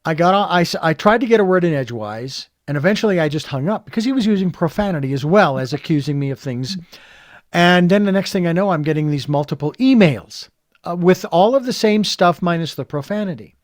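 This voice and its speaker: A man hosting an interview, retelling a personal story in an animated, reflective way with many fillers. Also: sits high, a little fast, no room sound, clean studio sound. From California. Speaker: podcast host.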